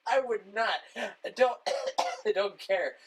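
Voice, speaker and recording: A man hosting a casual podcast chat, excitable and heavy on profanity, often exclaiming. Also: sits high, takes it slowly, noisy background. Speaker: podcast host.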